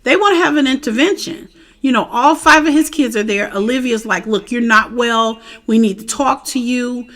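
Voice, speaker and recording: A woman's voice: a little high, normal speed, fairly bright tone. A woman giving a casual, chatty recap of a TV episode, often asking "you know what I'm saying?". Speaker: TV show reviewer.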